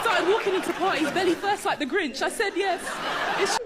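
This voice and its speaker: A woman's voice: extremely high pitch, brisk, a loud crowd, heavy background noise. A woman doing bawdy, conversational stand-up storytelling. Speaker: stand-up comedian. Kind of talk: stand-up comedy.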